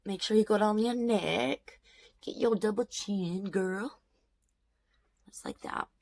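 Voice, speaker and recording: A woman's voice: medium pitch, slow, vocal fry, darkish tone. A woman in her thirties vlogging at home, telling an upsetting story in an outraged, emphatic way while doing her makeup and repeating herself for effect. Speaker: beauty vlogger. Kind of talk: emotional storytime rant during makeup routine.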